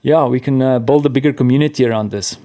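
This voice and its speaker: A man's voice: mid-range voice, fast talker, mellow. A man with a South African accent, a podcast guest talking in a casual, self-deprecating way with many restarts. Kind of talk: casual conversation.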